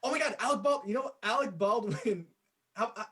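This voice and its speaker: A young man in his twenties co-hosting a casual chat show, laid-back and quick to laugh. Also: high voice, animated, a bit bright, breathy edge. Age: 20s. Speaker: podcast co-host.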